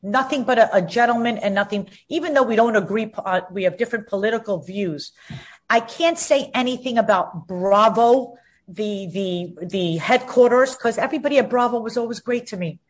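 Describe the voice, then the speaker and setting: Woman, 50s, interview guest, combative, emphatic, slightly high voice. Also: normal speed. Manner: emphatic, combative, repeats words when heated. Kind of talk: outspoken interview talk.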